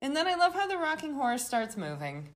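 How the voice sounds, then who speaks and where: A woman's voice: high-pitched, a little fast. A woman co-hosting a podcast, recapping a show in casual chat, laughing often and acting out quotes. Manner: giggly, animated storytelling with quoted asides. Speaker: podcast co-host.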